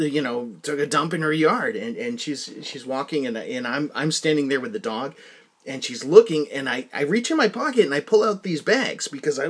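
A man's voice: fairly high pitch, slightly rough. A man hosting a solo podcast, telling casual anecdotes in a rambling, self-correcting way. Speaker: podcast host.

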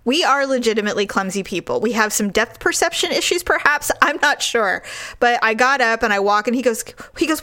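A woman in her forties telling a funny story in casual chat, laughing often and acting out what people said. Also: brisk. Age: 40s. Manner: animated, laughs often, acts out quoted lines in a high voice.

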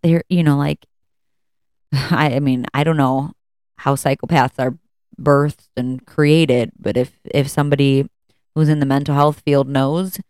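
A low-voiced woman in her thirties chats on her solo podcast about parenting, rambling off on tangents and poking fun at herself. Her voice is smooth and clear, recorded close and dry with no room sound. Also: measured pace, dry recording. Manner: rambling, candid, self-mocking, bursts into high excited voices. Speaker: podcast host. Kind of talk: casual solo podcast talk.

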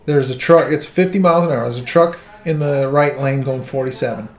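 A man telling a profane, animated story in casual chat, quoting the people in it. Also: mid-range voice, a little fast. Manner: animated, profane anecdote-telling with quoted dialogue. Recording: roomy room echo.

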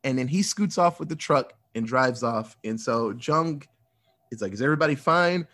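A man casually recapping a movie plot, animated and profane, acting out the characters' lines as he goes. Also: medium pitch, a little slow.

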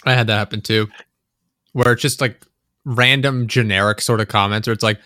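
A man on a casual podcast rants about everyday annoyances and swears freely. He acts out his own exasperated inner voice as he goes. His bright, forward voice sits dry and close on the mic. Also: lowish voice, fairly even intonation, fairly quick, no room sound. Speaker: podcast co-host. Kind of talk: casual chat.

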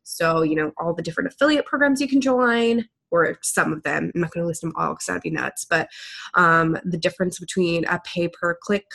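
A woman's voice: fairly low pitch, brisk, vocal fry, fairly bright tone. A young woman hosting a podcast, congested and nasal from a cold, talking casually and rambling with lots of fillers. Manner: chatty and rambling, with many fillers. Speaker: podcast host. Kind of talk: casual solo podcast talk.

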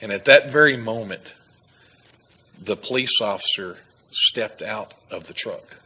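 Earnest man, husky and bright. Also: fairly low pitch, unhurried, poor audio. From Texas. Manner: earnest storytelling with laughs and restarts. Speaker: guest. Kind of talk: personal testimony.

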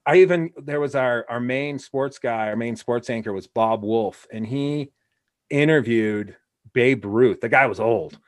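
A man's voice: mid-range voice, unhurried, dry recording. Dry-sounding man telling rambling stories. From Wyoming, US. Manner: rambling anecdotal storytelling with many restarts. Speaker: podcast host. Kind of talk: casual conversational interview.

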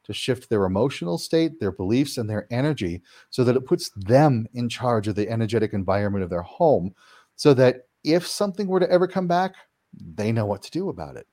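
A man answering interview questions, explaining his work clearing houses and acting out quoted reactions as he talks. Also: brisk. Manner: animated, acts out quoted reactions with big pitch jumps. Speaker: paranormal house-clearing practitioner, guest.

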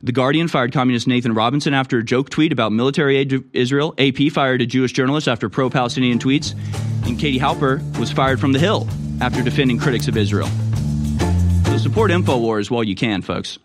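A man's voice: medium pitch, fast, music in the background. A man hosting online news commentary, reacting to clips in an indignant manner with sudden exclamations. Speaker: political commentary host.

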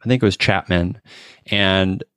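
Earnest forty-year-old man, low voice. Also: a bit bright, clean tone, dry recording, studio quality. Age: 40s. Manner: earnest, halting, many restarts and fillers. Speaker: podcast host. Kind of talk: casual conversational interview.

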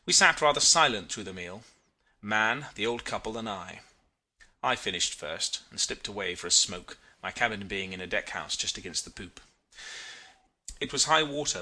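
Bright-voiced man reading a story. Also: mid-range voice. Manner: expressive, reflective reading. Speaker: narrator. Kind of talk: audiobook reading of a literary story.

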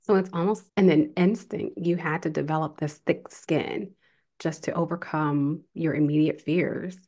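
A woman with a low, gravelly voice hosts an interview. She asks reflective questions and encourages her guest to go on. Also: fairly even intonation, a little slow, dark tone. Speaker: podcast host.

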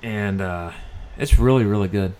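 A man chatting casually about video games, relaxed and trailing off, correcting himself as he goes. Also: fairly low pitch, normal speed, clean tone. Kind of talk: casual gaming chat.

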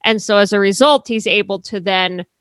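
A woman's voice: medium pitch, moderate pace, a bit bright, clean tone, no echo. A woman in casual podcast conversation, talking candidly and swearing freely. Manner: candid, swears, acts out quoted people. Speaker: podcast co-host. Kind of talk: casual chat.

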